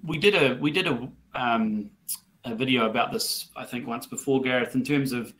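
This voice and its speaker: Male New property adviser, average pitch, conversational and repetitive, on a webinar call. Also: normal speed, fairly bright tone. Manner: chatty, repeats words, many ums. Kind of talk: webinar panel talk. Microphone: video call.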